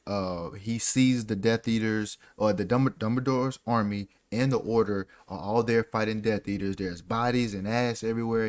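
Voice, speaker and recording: Slangy, ranting young man. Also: lowish voice. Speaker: podcast co-host. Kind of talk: casual chat and ranting commentary.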